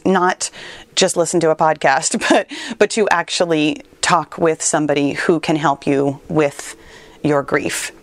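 A woman's voice: on the low side, takes it slowly, no echo. A woman hosting a personal podcast as a fitness trainer, on the verge of tears, emotional and tearful, laughing now and then and repeating words as she searches for them.

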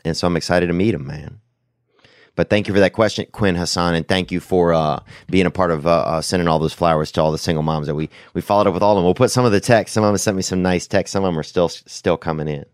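A man hosting a podcast, telling rambling, profane, slangy stories with sudden loud bursts. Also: low-pitched, quick pace, dry recording, clean studio sound. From United States. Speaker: podcast host. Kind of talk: casual podcast storytelling.

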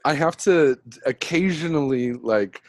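Casting: man as an easygoing podcast host, lively and laughing, dry close sound. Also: a little high, unhurried, no echo. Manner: chatty, animated, laughs often. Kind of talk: casual chat about role-playing.

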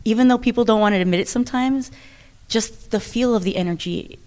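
Chatty woman wrestler, animated and laughing. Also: on the high side, brisk. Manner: chatty, animated, laughs often, many restarts. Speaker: professional wrestler. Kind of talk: interview conversation.

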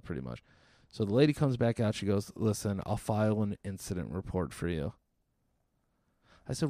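A man in his thirties telling a profane, exasperated comic story as a podcast host, quickly acting out the people in it. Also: on the low side, lively intonation, dark tone, no room sound. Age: 30s. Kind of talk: solo comedic storytelling.

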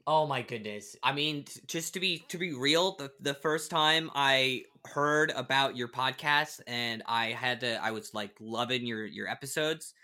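A man's voice: mid-range voice, a little slow, few pauses, pushed and bright. A man, an actor guest on a podcast, chatting casually and animatedly, laughing often and restarting his sentences. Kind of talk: casual chat.

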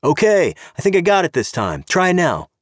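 A wry, cornered American spy from an audio story, feigning cheerful innocence, as a male narrator plays him. His voice is husky and lively in pitch, recorded close and dry. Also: normal speed, no room sound. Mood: feigned cheer.

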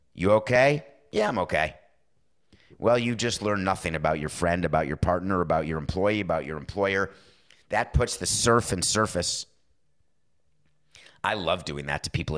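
A man's voice: deep voice, a bit bright. A man hosting a talk show, speaking in a wry, conversational way and briefly acting out quoted exchanges. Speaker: podcast host. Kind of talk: casual sports talk monologue.

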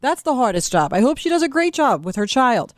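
A woman's voice: high-pitched, big pitch swings, fairly quick, dry recording, studio quality. A woman co-hosting a radio talk show, giving blunt, sassy opinions in casual banter. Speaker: radio co-host.

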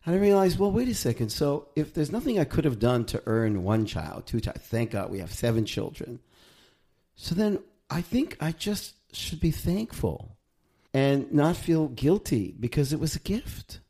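A man's voice: a little high, big pitch swings, normal speed, warm tone, slightly rough. A man, an author and guest, speaking thoughtfully in a reflective conversation.

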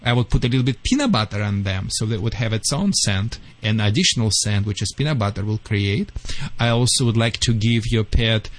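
A man with a Russian accent, a dog trainer on a call-in radio show, giving lively advice in slightly broken English. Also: on the low side, fairly quick, rough recording. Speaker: dog trainer answering callers.

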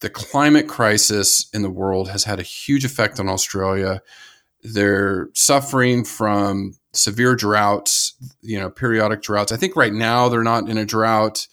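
A man's voice: lowish voice, fairly even intonation, unhurried, a bit bright. A man with an American accent co-hosting a casual conservation podcast, talking enthusiastically and rambling, with many restarts and laughs. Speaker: podcast co-host.

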